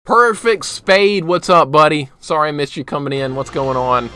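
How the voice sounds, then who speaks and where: A man's voice: a little high, fairly even intonation, fairly quick, bright, forceful tone, faint music behind. Chatty man with a mild Southern accent. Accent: mild Southern US, Arkansas. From Arkansas, US. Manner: chatty, reads chat aloud, laughs often. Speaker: streamer. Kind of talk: casual live-stream chat while gaming.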